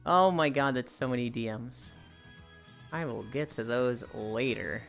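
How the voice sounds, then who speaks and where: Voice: mid-range voice, measured pace, gravelly, soft background music. A streamer chatting casually and rambling on a live stream while walking, swearing freely as they talk.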